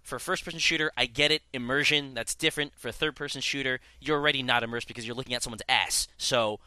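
A man's voice: mid-range voice, steady tone, quick pace, pushed and bright, clear, resonant tone, no echo. A young man chatting casually about a game as a podcast host, rambling with many restarts. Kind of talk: casual chat.

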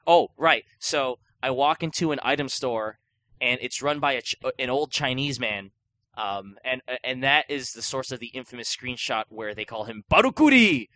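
A man's voice: medium pitch, bright, forceful tone, no room sound. A young man co-hosting a podcast, chatting casually in a rambling way with lots of fillers and restarts. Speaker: podcast co-host. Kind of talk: casual chat.

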